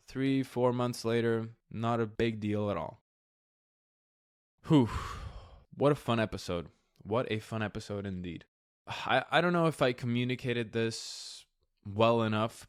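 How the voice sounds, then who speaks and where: A man's voice: fairly low pitch, clear, resonant tone, dry recording, studio quality. A man hosting a solo podcast, talking candidly and reflectively in a casual way that includes some swearing. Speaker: podcast host.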